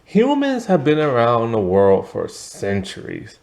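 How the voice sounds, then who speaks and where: A man's voice: medium pitch, huge pitch swings, measured pace, creaky, darkish tone. A man giving a casual, rambling TV review, tired and yawning, full of asides and fillers. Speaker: TV show reviewer.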